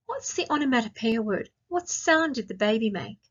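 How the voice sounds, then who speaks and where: An Australian woman teaching a grammar lesson to young children, speaking slowly and clearly and asking lots of questions. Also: on the high side, lively intonation. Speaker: primary school teacher. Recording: dull lo-fi sound.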